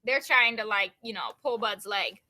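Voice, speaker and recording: A woman's voice: medium pitch, normal speed, pushed and bright. A woman teacher reading a novel aloud over a video call, stopping to explain it in a chatty way and check in with her students.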